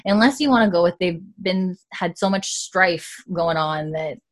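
Low-voiced woman in chatty recap. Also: moderate pace. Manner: chatty, rambling, many fillers and restarts. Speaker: podcast co-host. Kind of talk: casual chat recapping a TV episode.

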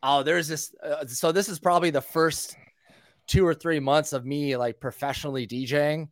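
A man telling stories as a guest in a casual chat, animated and full of swearing. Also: a little high, moderate pace, no room sound, clean studio sound. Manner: animated, profane storytelling.

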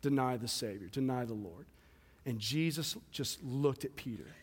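A man preaching a sermon as pastor, with passionate delivery that swings between loud emphasis and quiet, hushed moments. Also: mid-range voice, expressive, normal speed, slightly rough. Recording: long hall reverb.

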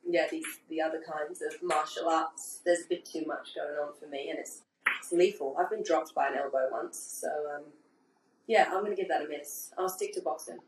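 Woman guest, somewhat low voice, heard from a distance in an echoey room. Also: normal speed, a little hiss or hum. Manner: relaxed, swearing, hesitant with ums. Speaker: guest boxer. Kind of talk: casual chat.

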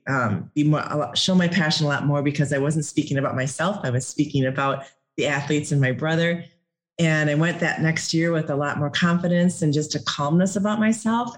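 A middle-aged woman from Minnesota, a podcast guest telling her story in an animated way, laughing often and acting out what she said back then. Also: low voice. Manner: animated, laughs often, acts out her own past words.

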